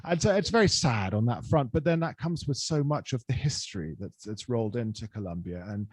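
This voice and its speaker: A man's voice: medium pitch, expressive, fairly quick, husky, no echo. A man hosting an interview podcast, chatting casually and rambling, with many restarts as he tells stories. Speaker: podcast host.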